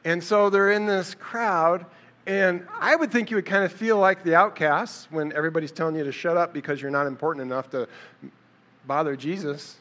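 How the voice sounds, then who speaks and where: A man's voice: a little high, normal speed, a bit bright. Conversational man preaching a casual sermon. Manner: conversational, storytelling, acts out quotes with a raised voice.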